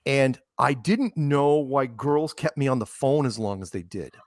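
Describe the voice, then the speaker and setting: A man's voice: a little slow, no echo, clean studio sound. Soothing-voiced middle-aged man rambling. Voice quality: low soothing voice. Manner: rambling storyteller, animated quoting. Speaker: show host. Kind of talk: casual interview chat.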